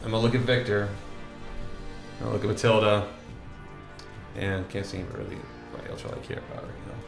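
A man's voice: on the low side, little pitch movement, fast talker, creaky. A man playing a tabletop game, describing his character casually with some hesitation. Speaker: player. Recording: echoey room with faint music.

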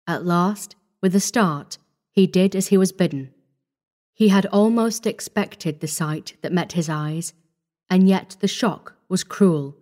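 A woman narrating a classic short story in a measured, steady reading. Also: on the low side.

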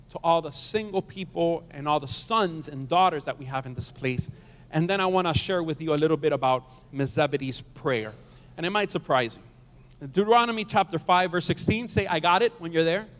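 A man's voice: fairly high pitch, a bit bright. Male pastor, light-voiced, joking sermon with call-and-response, church hall reverb. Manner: joking, asks the congregation to respond. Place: church sanctuary.

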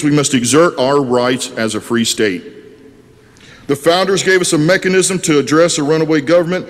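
Guy giving a fired-up speech at a hearing, highish voice, echoey hall. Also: normal speed. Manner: impassioned, rhetorical. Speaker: public commenter at a legislative hearing. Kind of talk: public testimony.

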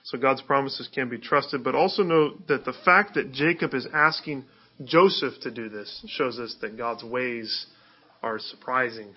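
A man's voice: mid-range voice, breathy edge, highs cut off. A male pastor preaching a sermon in an easygoing, conversational way, with fillers and restarts.

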